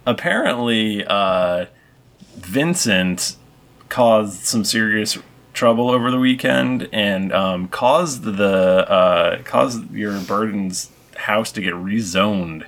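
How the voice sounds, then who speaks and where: A man narrating a tabletop game as game master, halting and full of ums. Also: fairly low pitch, fairly bright tone.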